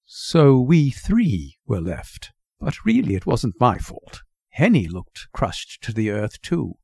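Expressive man reading a story. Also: medium pitch, slow, gravelly, slightly rough, dry recording, studio quality. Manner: expressive, wry. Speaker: narrator, reader.

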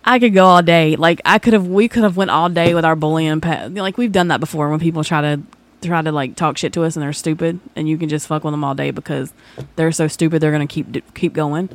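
A woman's voice: low-pitched, quick pace. A woman in her forties, ranting bluntly and profanely in a casual podcast chat. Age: 40s. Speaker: podcast co-host.

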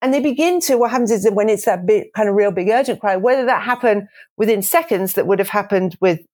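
A woman in her forties chats about parenting in a casual, explanatory way, laughing often and acting out little voices with big jumps in pitch.

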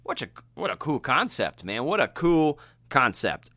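A man co-hosting a casual movie chat, animated and quick to act out quotes. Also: no echo. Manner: animated, laughing, acts out quotes in a high voice. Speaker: podcast co-host.

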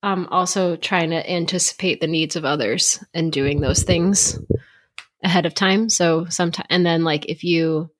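Female co-host, lower-middle pitch, relaxed chat with dry humor. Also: moderate pace. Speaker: podcast co-host. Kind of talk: casual chat.

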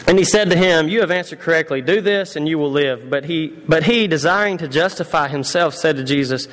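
A man's voice: a little high, a little fast, few pauses, fairly bright tone. A man preaching a conversational sermon, repeating himself and putting questions to his congregation. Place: church hall. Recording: long reverb of a church hall.

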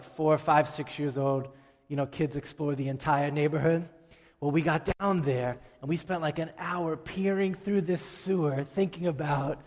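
A middle-aged man from Staten Island, New York preaching a sermon to his church, emphatic and dropping to a hush on key words. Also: a little high, big-room sound. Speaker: pastor.

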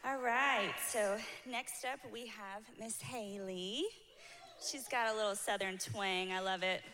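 A woman's voice: mid-range voice, fairly even intonation, measured pace, pushed and bright, slight background noise. Woman emcee, upbeat and friendly, church event, echoey hall. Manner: friendly, upbeat, laughs lightly. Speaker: event host. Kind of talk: introducing speakers. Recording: long hall reverb.

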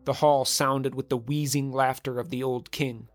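A man narrating a dramatic legend in a measured, vivid storytelling manner. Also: mid-range voice, level tone, music in the background.

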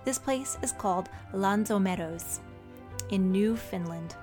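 A woman narrating a children's story and teaching syllables in a gentle, teacherly way. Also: medium pitch, measured pace, soft background music.

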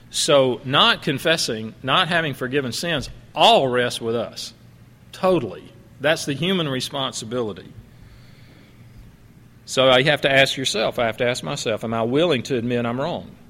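Pastor preaching in a reverberant church. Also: male voice, mid-range voice, bright, forceful tone. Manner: conversational, laughing asides, quoting others in changed voices. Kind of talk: sermon. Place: church sanctuary. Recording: long reverb of a church hall.

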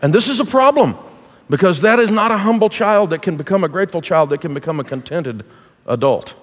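A man's voice: sits high, animated, a little fast. A middle-aged man preaching as a guest speaker to a church congregation, folksy, punchy and jokey. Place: church auditorium. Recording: long reverb of a large hall.

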